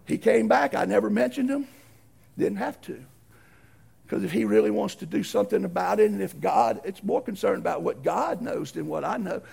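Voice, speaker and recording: A middle-aged man preaching a folksy storytelling sermon, animated and acting out the voices in his stories. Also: high voice, gravelly, breathy edge.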